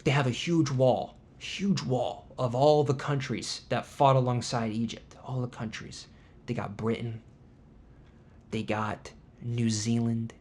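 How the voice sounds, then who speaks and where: A man's voice: mid-range voice, slight background noise. A man hosting a podcast, telling an indignant travel story in casual chat with sarcastic asides. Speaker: podcast host.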